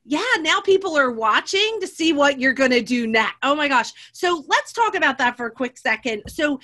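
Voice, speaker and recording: A woman hosting an interview, effusive and affirming, quick to praise her guest. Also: sits high, animated, sharp tone. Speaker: podcast host. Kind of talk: casual interview chat.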